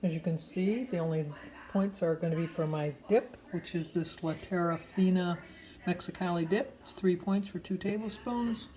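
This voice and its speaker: A woman's voice: fairly low pitch, normal speed, dark tone, rough recording. A woman chatting casually in a diary vlog at home, rambling and chatty with plenty of fillers. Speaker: vlogger.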